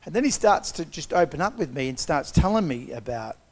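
A man's voice: a little high, big pitch swings, brisk, a little mellow. A man giving a personal testimony, retelling events conversationally and acting out the quotes.

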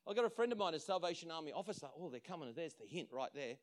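A man, a pastor, preaching a sermon and telling a story with lively acted-out quotes and frequent laughter. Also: on the high side, rapid-fire. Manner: animated storytelling, acts out quotes, laughs often.

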